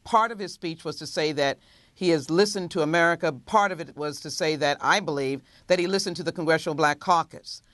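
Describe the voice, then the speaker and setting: A congresswoman answering in a TV interview, measured and full of pauses and fillers. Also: deep voice, fairly bright tone, no echo.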